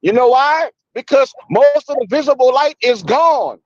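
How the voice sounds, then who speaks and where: A man's voice: very high-pitched, expressive, normal speed, dry recording, muffled recording. A man in a heated casual debate, explaining at length and refusing to be cut off.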